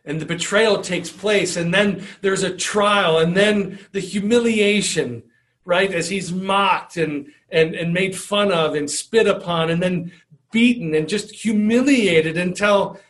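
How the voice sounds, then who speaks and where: A man's voice: high voice, measured pace, fairly bright tone. A man preaching a sermon in an earnest way, often repeating words and restarting his phrases. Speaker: pastor.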